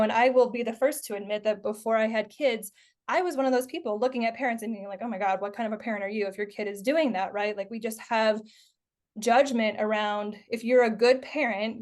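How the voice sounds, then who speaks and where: A woman in her thirties with a fairly high voice hosts a relaxed podcast conversation. She talks in a loose, chatty way, with lots of "like" and "you know" between her thoughts. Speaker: podcast host. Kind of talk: casual conversational podcast chat.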